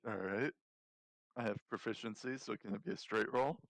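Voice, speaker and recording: A man's voice: fairly low pitch, moderate pace, creaky, fairly bright tone, dry recording, rough recording. A man playing a tabletop game who talks carefully and checks the rules aloud. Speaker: player. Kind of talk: casual tabletop play.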